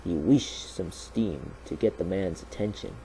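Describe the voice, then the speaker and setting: A man narrating a children's story aloud in a steady, plain reading manner. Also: deep voice, a little slow, gravelly, a little hiss or hum, poor audio.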